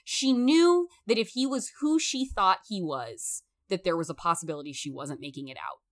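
A woman talking through a film in a casual, emphatic discussion, animated and swearing freely. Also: on the low side, normal speed.

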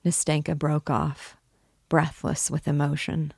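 Low, gravelly woman reading a novel aloud. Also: little pitch movement, a little mellow, dry recording, studio quality. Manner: measured, unhurried narration. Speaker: reader and guide.

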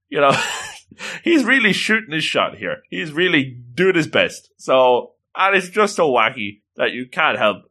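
Excitable man, recap commentary, bright tone, slightly high, frequent exclaiming. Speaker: anime recap host.

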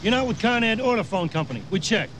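A man's voice: sits high, sing-song, fast. An actor playing a skeptical male police officer who talks in a curt, dismissive way, over traffic. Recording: street and traffic noise.

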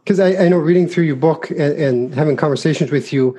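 Mellow husky male podcast host. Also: a little high, fast. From United States. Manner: casual, slightly hesitant questioning. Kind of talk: podcast interview.

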